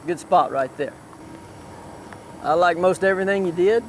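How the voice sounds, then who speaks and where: Male cutting horse trainer, high voice, barking repeated short cues at a rider outdoors, faint traffic behind. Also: moderate pace. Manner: calls out short repeated commands. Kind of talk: live riding coaching. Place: outdoor riding arena.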